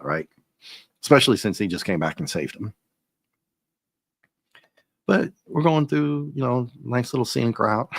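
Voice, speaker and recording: A man in a casual comic review, relaxed, paraphrasing panels with chuckles. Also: deep voice, dry recording, studio quality. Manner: laid-back, paraphrases dialogue with chuckles.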